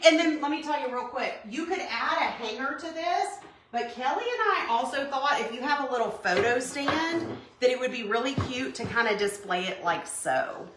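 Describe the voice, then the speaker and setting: A woman's voice: sits high, moderate pace. A woman, hosting a casual crafting chat and telling stories with lots of laughter. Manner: animated storytelling, laughs often. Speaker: host. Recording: echoey room with faint noise.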